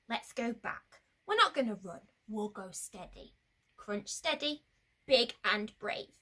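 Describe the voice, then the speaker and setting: Lively, bright-voiced woman leading a kids' story. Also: fairly high pitch, normal speed. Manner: animated, hushed whispers between bursts of excitement; leads chanted sound effects. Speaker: children's activity leader. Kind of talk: interactive children's story sound journey.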